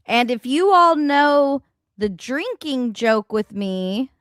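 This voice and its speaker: A woman hosting a reaction livestream, talking in a blunt, animated and profane way about the clips she plays. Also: high voice, takes it slowly, dry recording, studio quality. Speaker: livestream host. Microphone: home streaming mic.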